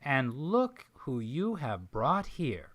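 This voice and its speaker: A man voicing a genial older Southern gentleman with wild white hair, speaking in a drawling Southern accent. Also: medium pitch, wildly swooping pitch, slow, exaggerated voice. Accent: American Southern. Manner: drawling, folksy.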